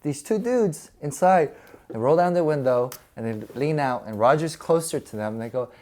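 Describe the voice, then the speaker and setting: Guy in his 40s on a podcast, big animated swings in his voice, laughing a lot through his stories. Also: a little high, moderate pace. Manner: animated, laughs often, acts out quoted voices. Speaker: actor and podcast host. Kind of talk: casual storytelling in a podcast interview.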